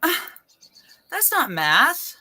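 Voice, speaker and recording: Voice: high voice, very slow. A player chatting casually and joking during a tabletop game. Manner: joking, lively.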